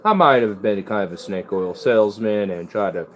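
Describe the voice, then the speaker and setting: A man's voice: lowish voice, moderate pace, natural voice. A man doing an impression of a smug middle-aged male TV counselor who lectures his guests in a preachy, self-satisfied way. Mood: lecturing.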